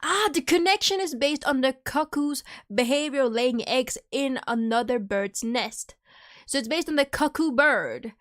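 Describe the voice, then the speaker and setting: Young woman, higher voice, casual livestream chat, rambling, joking, munching candy. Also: animated, measured pace. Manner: rambling, joking, chewing candy while talking. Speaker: streamer.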